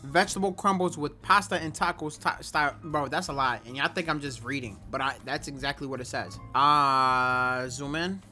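This young man's voice is medium-pitched, pushed and bright, moving at normal speed with few pauses while faint music plays behind him. He reviews food for his home vlog on a camera or phone, casual and slangy with big, exaggerated reactions.

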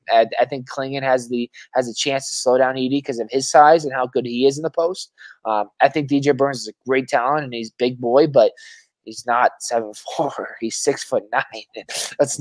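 A man co-hosting a sports podcast, talking in an animated, casual way, repeating words, restarting sentences and swearing freely. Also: mid-range voice, dry recording. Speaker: podcast co-host. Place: Arizona.

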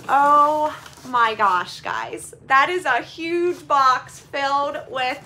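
A woman vlogger opening donation boxes and chatting to her viewers in a gushing, excitable way. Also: sits high, slow pace, slight background noise. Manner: gushing and excitable, repeats "oh my gosh" and "holy cow". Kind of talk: casual chat to viewers.

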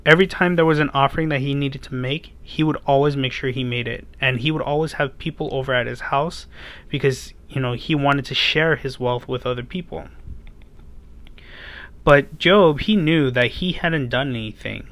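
A man's voice: mid-range voice, moderate pace, fairly bright tone. A man preaching to children, retelling the story casually with many fillers and asking his listeners rhetorical questions. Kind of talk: storytelling sermon for kids.

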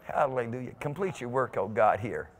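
A male pastor preaching a sermon in a church, swinging from quiet asides to whoops and shouts. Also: mid-range voice, lively intonation, moderate pace. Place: church sanctuary. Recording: long hall reverb in a church.

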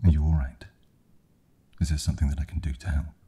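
A man's voice: very deep voice, little pitch movement, quick pace, dark tone, husky, exaggerated voice. A man voicing a worried, pleading young woman in a whispered role-play. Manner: pleading, anxious.

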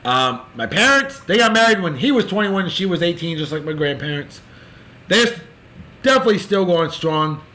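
A man hosting a casual show, giving boisterous, jokey birthday shout-outs in a folksy way. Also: high-pitched, big pitch swings, fairly quick. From California. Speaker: show host.

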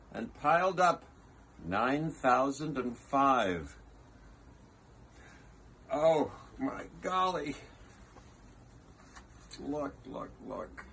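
A man reading a rhyming children's storybook aloud in a playful, unhurried way with musing asides. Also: medium pitch, a bit bright, slight background noise. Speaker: reader.

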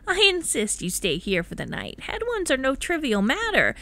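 A woman voicing a kind, concerned woman neighbor in a game, speaking gently, soothingly and insistently. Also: high voice, huge pitch swings, normal speed, exaggerated voice. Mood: gentle concern. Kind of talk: voiced game dialogue.

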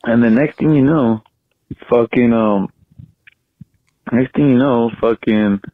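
A man's voice: medium pitch, slow. A young man leaving a crude, boastful voicemail story full of profanity. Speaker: caller. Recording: tinny phone voicemail.

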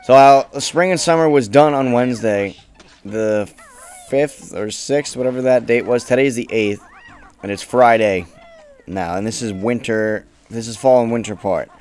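A young man commentating his own gameplay casually, swearing often and bursting into frustrated shouts. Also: medium pitch, normal speed. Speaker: let's play gamer.

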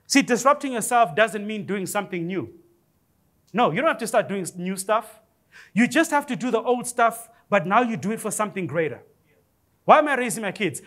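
A male pastor preaching a sermon in a church, animated and humorous, with rising exclamations and a high-pitched voice. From Africa.

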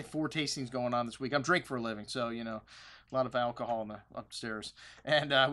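Inside a wine store, a man hosts a casual promotional video, chatting loosely with lots of fillers and asides. His voice is mid-range with a fairly bright tone.

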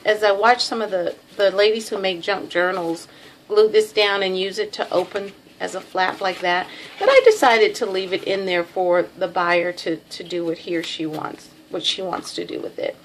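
A woman's voice: mid-range voice, a little hiss or hum. A middle-aged woman with a Texan drawl casually showing off a craft package, chatty and self-deprecating, with lots of ums. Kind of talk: casual show-and-tell.

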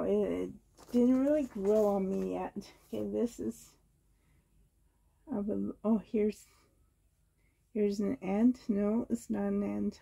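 A hoarse woman from Canada gushing with delight as she unboxes a reborn doll trade for her vlog. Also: mid-range voice, warm tone, slight background noise. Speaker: reborn doll collector vlogger.

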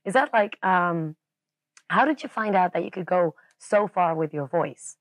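A woman's voice: fairly low pitch, expressive, measured pace, no echo. A woman interviewer on a music channel asking curious, admiring questions.

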